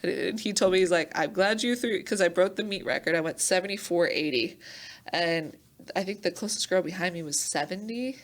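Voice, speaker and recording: A young woman, a champion athlete, telling stories in a casual interview, animated and acting out quoted voices with laughter. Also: fairly low pitch, fairly quick. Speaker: Olympic hammer thrower, podcast guest.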